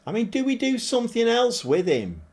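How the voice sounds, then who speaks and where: Animated man commentating a game. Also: extremely high pitch, moderate pace. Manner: animated, shouts at players, laughs often. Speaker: game streamer. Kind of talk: live gameplay commentary.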